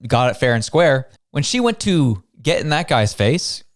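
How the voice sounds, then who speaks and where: A man's voice: medium pitch, big pitch swings, moderate pace. A man from Canada hosting a show, giving casual news commentary in a conversational way, full of rhetorical questions. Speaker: show host.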